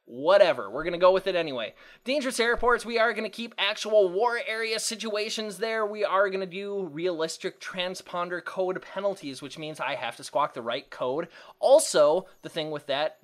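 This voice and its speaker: A man casually commenting while playing a flight simulator, rambling with quick self-corrections and jokey asides. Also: high voice, a bit bright. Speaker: let's play host.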